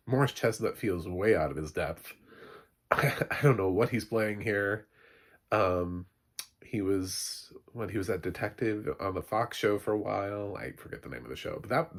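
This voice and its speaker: A man rants casually about a new TV show, blunt and exasperated, with laughing asides. His voice sits a little low and has a husky edge. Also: lively intonation, measured pace. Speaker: TV reviewer. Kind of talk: casual spoken TV review.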